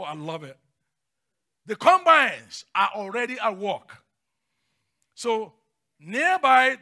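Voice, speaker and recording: A male pastor preaches with passion, dropping to near-whispers before bursting into shouts. His voice sits high and sounds gravelly. The tone is very bright and cutting. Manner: passionate, swings from hushed to shouting. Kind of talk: sermon.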